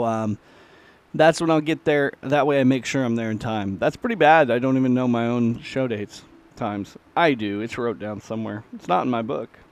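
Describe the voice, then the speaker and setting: Folksy rambling male podcast host. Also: mid-range voice. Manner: folksy, self-deprecating rambling. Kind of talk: casual solo chat.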